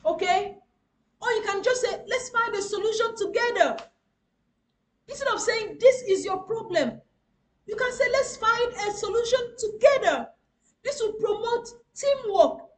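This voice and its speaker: A woman's voice: very high voice, lively intonation, measured pace. A woman giving a webinar lesson, emphatic and repeating her key phrases as she speaks straight to her audience. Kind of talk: motivational webinar lecture. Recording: roomy echo.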